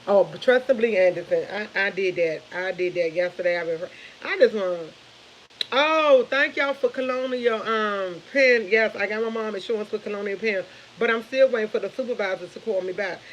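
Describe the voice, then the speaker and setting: A woman's voice: mid-range voice, a little fast, highs cut off, a little hiss or hum. A woman, in her thirties, chatting casually and rambling to viewers of her morning live stream, laughing often.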